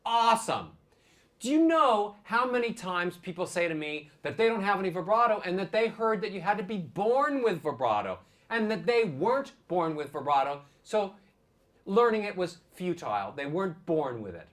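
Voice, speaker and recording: A man's voice: high-pitched, big pitch swings, normal speed, fairly bright tone. A male vocal coach leading a singing lesson, encouraging and demonstrating vibrato on sung syllables.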